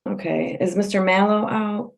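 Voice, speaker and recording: A woman's voice: mid-range voice, steady tone, normal speed, vocal fry, poor audio. A woman acting as defense attorney, speaking hesitantly to the court.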